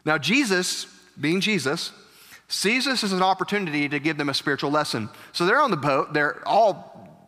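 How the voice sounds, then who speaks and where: A man pastor preaching a sermon in a church, animated, with joking asides to the congregation. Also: fairly high pitch, moderate pace. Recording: echoey church hall.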